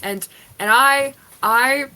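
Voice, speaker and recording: A woman speaks bluntly and matter-of-factly in a bright, sharp-edged voice. Her talk stays plain and direct. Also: high-pitched, slow pace. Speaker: player. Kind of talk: casual chat at a tabletop game.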